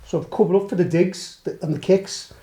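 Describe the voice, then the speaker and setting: Middle-aged Scouse bloke, raised voice, spins wild yarns with plenty of swearing and laughter. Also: male voice, high-pitched, a little fast, a little hiss or hum. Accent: Liverpool Scouse. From Liverpool, England. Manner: animated, swears a lot, laughs while telling. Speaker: podcast guest. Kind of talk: storytelling anecdote.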